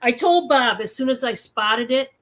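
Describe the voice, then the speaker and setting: A woman hosting a casual live-stream sale, chatty and excitable, with many fillers. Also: on the high side, moderate pace.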